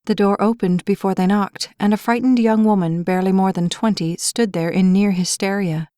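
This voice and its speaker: A woman narrating a romance novel as an audiobook, telling the story in an even, clear way. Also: mid-range voice, normal speed, hardly any pauses, dry recording, studio quality.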